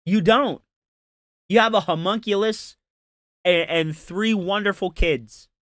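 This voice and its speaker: A man's voice: high voice, takes it slowly, fairly bright tone, dry recording, clean studio sound. A man doing casual reaction commentary on a stream, ranting in an exasperated, profane and mocking way.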